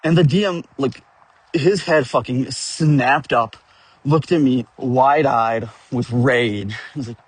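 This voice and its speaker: A man's voice: mid-range voice, slow pace, breathy edge. A man telling a rambling, profane story about his tabletop game, chuckling now and then as he goes. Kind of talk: rambling casual storytelling rant.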